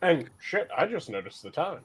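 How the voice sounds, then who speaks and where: A man with a high, lively voice that swings widely in pitch cuts into a casual podcast chat. He mostly adds short, wry remarks to the conversation. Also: normal speed, slightly rough. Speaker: podcast co-host.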